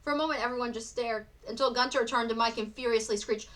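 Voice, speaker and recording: A woman teacher reading a novel aloud for students in an expressive storybook narration. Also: fairly high pitch, fast. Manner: expressive, acts out the characters.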